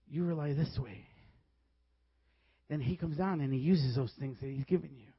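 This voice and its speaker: A man preaching a sermon, telling stories in a lively way and laughing often as he goes. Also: on the high side, moderate pace, pauses often, slightly rough, no room sound, lo-fi sound. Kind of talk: sermon with storytelling.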